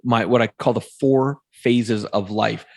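A man in his fifties, a podcast guest, telling a personal story in a lively way and acting out the voices of the people in it. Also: medium pitch, a little slow, vocal fry. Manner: animated storyteller, acts out quoted voices.

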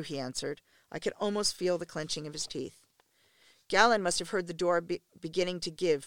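A woman narrating a first-person erotic story in an intimate, steady reading voice. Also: low-pitched, no echo. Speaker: audiobook narrator.

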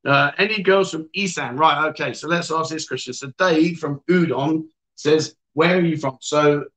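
Man, livestream host, chatty, teasing jokes, a bit high-pitched. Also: normal speed, fairly bright tone, a little hiss or hum. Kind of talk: casual chat reading viewer comments. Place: bar or venue indoors.

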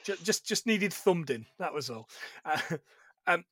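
A man hosting a casual podcast chat, joking, swearing and putting on quick voices for the characters he retells. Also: on the high side, lively intonation, bright, forceful tone, no echo. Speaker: podcast host.

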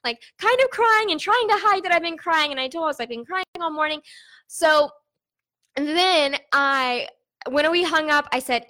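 A woman's voice: high voice, bright, forceful tone. A young woman business owner giving an emotional, candid, chatty vlog update, talking to her viewers like friends. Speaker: online business owner giving an income report. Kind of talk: casual to-camera vlog talk.

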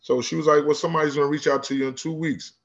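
A man from Newark, a high school basketball coach, telling stories casually in an interview and acting out the voices he quotes. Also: very fast, dull audio. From Newark, New Jersey. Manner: animated storyteller who acts out quoted voices.

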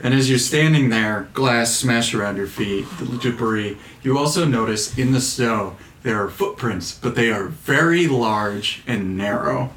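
A man's voice: mid-range voice, unhurried, hardly any pauses, fairly bright tone, slight background noise. A man running a tabletop game as game master, setting scenes in a casual, loose way with fillers. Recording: echoey room, mic at a distance.

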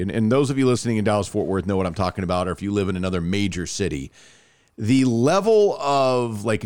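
Animated man telling a story. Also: medium pitch. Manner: animated storytelling, fast asides. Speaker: podcast co-host. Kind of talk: casual chat.

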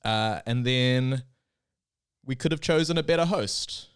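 A young man co-hosting a casual podcast, recounting events in a relaxed, dry way. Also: medium pitch, a little slow, clear, resonant tone. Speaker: podcast co-host.

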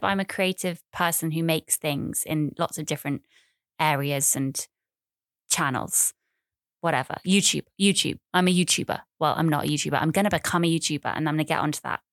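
In a clean, dry studio recording, a podcast host in her thirties delivers a casual solo monologue, fairly quick, with a low-sitting, slightly bright voice. She rambles chattily, pokes fun at herself, and repeats phrases.

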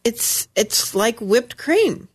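A woman's voice: on the high side, big pitch swings, drawn-out words, breathy edge. A middle-aged woman co-hosting a podcast in casual chat, wry and teasing. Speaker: podcast co-host.

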